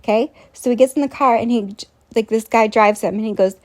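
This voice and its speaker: A woman's voice: on the high side, fairly quick. A woman vlogger telling a long, rambling story straight to her viewers, sounding incredulous and scornful and often turning to ask them questions. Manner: rambling, incredulous, scornful, addresses the listener directly.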